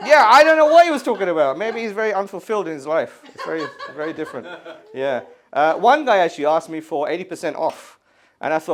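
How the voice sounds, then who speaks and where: A middle-aged comedian ranting through a stand-up set. He sounds exasperated and swears freely, and his pitch leaps around expressively. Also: very animated, fast. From England. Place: art gallery stage, live audience.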